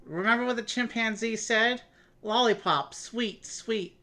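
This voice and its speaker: A woman's voice: a little high, measured pace, bright, forceful tone. A woman playing along on a game stream, focused and practical. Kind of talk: casual game stream chat.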